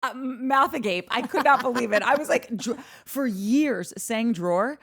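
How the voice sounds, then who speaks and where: A woman from New Jersey co-hosting a casual podcast, recapping a reality show in heated, animated rants. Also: a little high, normal speed, vocal fry. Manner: heated, ranting, animated storytelling. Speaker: podcast co-host.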